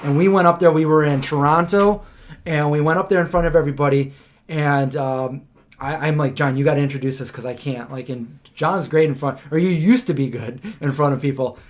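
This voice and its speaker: A man's voice: on the high side, brisk. A man telling a story in a casual podcast chat, rambling and full of fillers. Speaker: podcast host.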